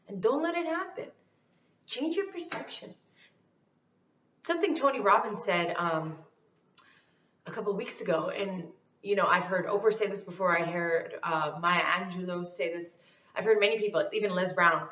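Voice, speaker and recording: Woman giving animated advice in an echoey room. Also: lowish voice, moderate pace. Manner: animated, emphatic, repeats key phrases. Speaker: vlogger giving life advice. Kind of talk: casual motivational talk to camera. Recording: roomy, distant, dull sound.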